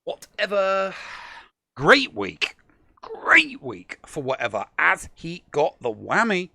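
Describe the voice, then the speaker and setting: A man's voice: sits high, wildly swooping pitch, slow, creaky, bright, forceful tone, no room sound. A man with an English accent co-hosting a casual game-stats show, reading player summaries playfully with a slightly sore throat. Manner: playful, joking, reads summaries. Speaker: co-host.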